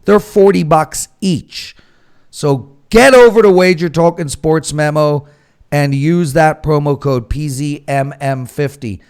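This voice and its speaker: A man hosting a sports betting panel, ranting and pitching picks with big swings in loudness. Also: a little slow, clean tone. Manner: animated ranting, swings loud and quiet. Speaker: show host.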